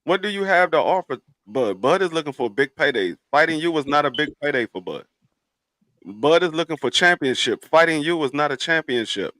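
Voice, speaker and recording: A man's voice: fairly high pitch, lively intonation, a little fast, bright, forceful tone, no room sound. A man on a casual sports podcast, explaining his point step by step and often repeating words. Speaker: podcast co-host.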